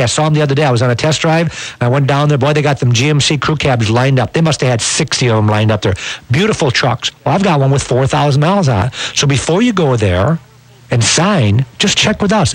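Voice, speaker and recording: Guy selling used cars on local tv, rattles off deals quick, dry close sound. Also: mid-range voice, no room sound, low-quality recording. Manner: fast, folksy, persuasive delivery. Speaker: used car dealer. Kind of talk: sales pitch on a local TV show.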